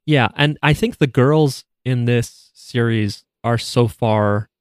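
A man's voice: medium pitch, takes it slowly, smooth, no echo, studio quality. A man co-hosting a podcast, chatting casually with blunt, wry remarks. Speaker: podcast co-host. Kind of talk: casual chat recapping an anime.

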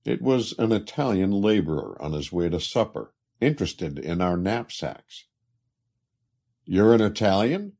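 A man narrating a literary travel story in a measured way. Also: low-pitched, animated, vocal fry, warm tone.

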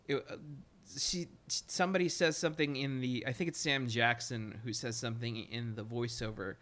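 A man's voice: medium pitch, fairly even intonation, moderate pace, fairly bright tone. A man co-hosting a podcast in casual chat, making crude jokes and acting out quotes in his stories. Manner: crude jokey banter, acts out quotes. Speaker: podcast co-host.

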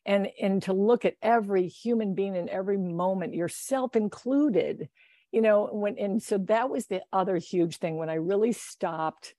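A woman's voice: fairly low pitch, dark tone, dry recording, studio quality. A woman talking in a casual conversation, rambling with many restarts and laughing often. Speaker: guest.

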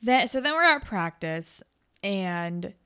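Animated, swearing woman podcast co-host. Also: mid-range voice, slow pace, clear, resonant tone. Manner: animated, swears often, acts out scenes. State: hungover. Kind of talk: casual chat recapping a TV episode.

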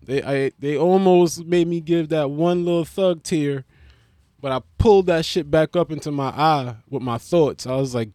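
A man's voice: on the high side, moderate pace, dark tone, dry recording, studio quality. A man talking in a casual, joking monologue, heavy on slang and swearing and full of digressions. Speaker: vlogger reviewing a movie.

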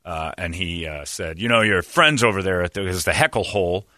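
A man's voice: sits low, fairly quick, no echo, clean studio sound. A man hosting a morning radio show, telling a long story in casual chat with many fillers. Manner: rambling, lots of "uh" fillers, animated retelling.

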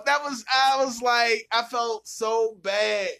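A man's voice: very high-pitched, animated, a little slow, pushed and bright, no room sound, studio quality. A man hosting a podcast, telling a crude dating story in casual, profane chat, laughing and mimicking other people. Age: adult with a child. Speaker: podcast host.

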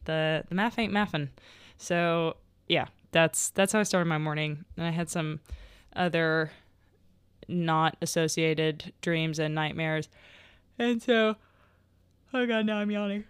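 Chatty young woman, smooth dry voice. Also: low voice, slow pace, no room sound. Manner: rambling storytelling with many fillers and frequent laughs. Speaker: podcast host. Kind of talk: casual solo podcast chat.

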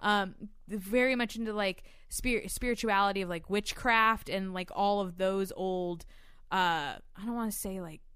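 A woman's voice: mid-range voice, measured pace, a bit bright, smooth, no room sound, studio quality. A young woman chatting casually as a podcast co-host, rambling, swearing freely and laughing often. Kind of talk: casual chat.

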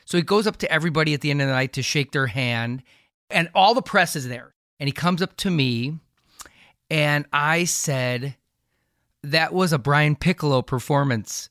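A man with a mid-pitched voice co-hosts a podcast in a quick, chatty, easygoing way. The sound is dry and close, like a studio mic with no room around it. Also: a bit bright, smooth, no room sound. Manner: quick, chatty storyteller who laughs easily. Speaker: podcast co-host. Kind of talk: casual podcast chat.

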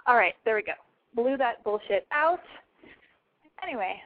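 A woman's voice: a little high, lively intonation, normal speed, long pauses, dry recording. Brash, profane woman on a tinny line. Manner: brash, profane and self-mocking. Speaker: radio show host. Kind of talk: casual call-in show monologue. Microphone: home mic over a call-in line. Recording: dry, tinny phone-line sound.

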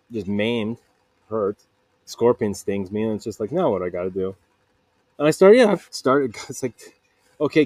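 A man's voice: lowish voice, darkish tone, no room sound. Guy rambling on his own podcast, self-mocking, dry little vocal booth. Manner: digressive, self-mocking, quotes people in put-on voices. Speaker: podcast host. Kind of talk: rambling solo podcast monologue. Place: makeshift home vocal booth.

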